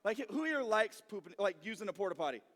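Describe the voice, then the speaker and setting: A man's voice: high-pitched, fast talker. A young man speaking as a youth pastor, telling jokey stories and acting out quoted reactions. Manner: animated, joking storytelling with quoted asides. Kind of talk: youth group talk. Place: church youth room or hall. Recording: long reverb of a hall.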